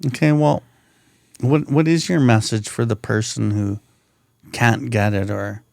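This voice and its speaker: A man's voice: mid-range voice, steady tone, a little slow, vocal fry, a little mellow, no echo. A man hosting a recovery podcast in laid-back casual chat, calling his guest bro. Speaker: podcast host.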